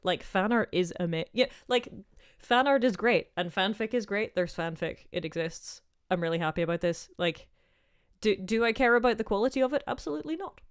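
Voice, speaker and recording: A woman in her thirties with a softened Northern Irish accent, chatting casually as she answers viewer questions on a livestream, rambling with plenty of "um" and "like". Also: medium pitch, expressive, a little fast, clear, resonant tone. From Northern Ireland. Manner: chatty and rambling, with many "um" and "like" asides.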